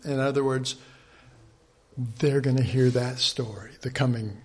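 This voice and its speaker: A man teaching an informal Bible study, rambling and conversational, with many restarts, often dropping to a soft, earnest hush. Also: mid-range voice, fairly even intonation, unhurried.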